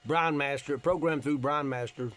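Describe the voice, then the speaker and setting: Ham operator, fairly high, easygoing demo voice, light hiss behind. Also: male voice, normal speed. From Tennessee. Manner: relaxed, plain-spoken, explains as he goes. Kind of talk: casual radio demo and on-air calls.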